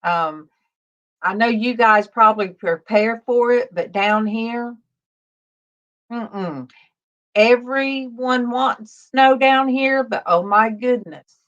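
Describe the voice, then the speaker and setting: A woman in her fifties with a Southern US accent, chatting slowly and softly on a livestream and greeting viewers by name. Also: fairly high pitch, lo-fi sound. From Alabama, US South. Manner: slow, soft-spoken, greets viewers by name. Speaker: livestream host. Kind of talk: casual livestream chat.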